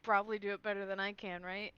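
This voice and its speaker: A woman player chatting candidly before a tabletop session, quick to laugh. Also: medium pitch, level tone, pushed and bright, clean tone. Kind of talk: casual chat. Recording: dull lo-fi mic.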